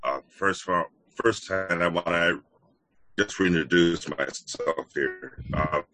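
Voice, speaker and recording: Deep man on a robotic, choppy connection. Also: over music. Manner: halting, stop-start speech. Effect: robotic, choppy connection distortion. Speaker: student introducing himself. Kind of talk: halting self-introduction on a video call. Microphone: video call.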